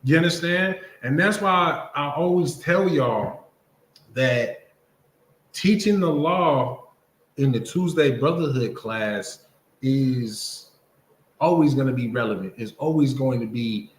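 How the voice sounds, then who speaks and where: A man's voice: mid-range voice, slow. A man teaching a Bible class in a casual preaching style, often checking in with his listeners by asking if they understand. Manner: conversational preaching, keeps asking "you understand?". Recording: roomy echo.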